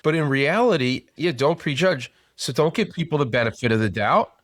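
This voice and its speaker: A man hosting a podcast, talking in a relaxed, chatty way and speeding up when telling a story. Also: on the high side, a little fast, no echo, studio quality. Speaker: podcast host. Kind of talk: conversational podcast interview.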